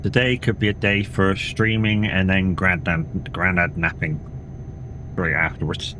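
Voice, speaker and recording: Man, very deep voice, tired, casual rambling stream chat, swears, faint hum behind. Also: fairly even intonation, measured pace, sharp tone. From England. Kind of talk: casual live-stream chat while playing.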